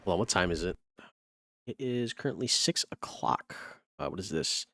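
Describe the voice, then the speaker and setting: A man's voice: sits low, animated, moderate pace, bright, forceful tone, no echo. A man streaming a video game, ranting and reacting in casual, profane commentary.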